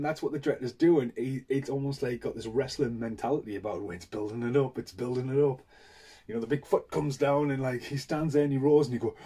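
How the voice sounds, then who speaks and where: A man's voice: mid-range voice, dark tone, husky. A man, chatting casually through a movie unboxing in a swear-filled, enthusiastic, rambling rant. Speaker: film collector reviewing a Blu-ray.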